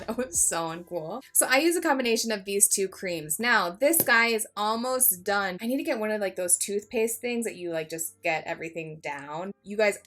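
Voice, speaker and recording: A woman's voice: mid-range voice, a bit bright. A woman giving a casual makeup tutorial, chatty and jokey, swearing freely and mocking herself. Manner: self-mocking asides. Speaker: beauty vlogger.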